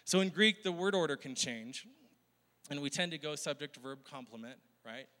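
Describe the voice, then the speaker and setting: Bright-voiced man preaching a sermon. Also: on the high side, lively intonation, normal speed. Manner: conversational, laughs often, asks the crowd questions. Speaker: pastor. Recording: long hall reverb.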